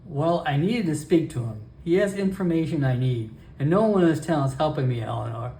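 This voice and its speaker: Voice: medium pitch, expressive, brisk, warm tone, lightly acted. A solo role-player voicing a polite, earnest male goblin traveler who stammers and hesitates, recorded in an echoey room.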